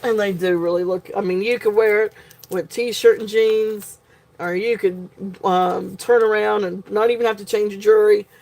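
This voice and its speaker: A woman's voice: medium pitch, fairly even intonation, normal speed, a little mellow. Gushing woman hosting a live jewelry auction. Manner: gushing, filler-heavy, many ums. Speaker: jewelry sale host. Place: home.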